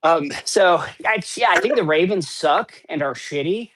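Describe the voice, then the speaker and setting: A man's voice: high voice, lively intonation, normal speed, a bit bright. A man co-hosting a casual sports podcast, rambling and opinionated with plenty of swearing. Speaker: podcast co-host.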